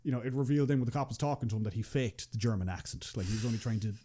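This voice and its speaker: A young man with an Irish accent talks quickly in a loose podcast chat. He rambles, restarts his sentences and swears casually. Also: medium pitch, warm tone. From Ireland. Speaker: podcast guest, machinima creator.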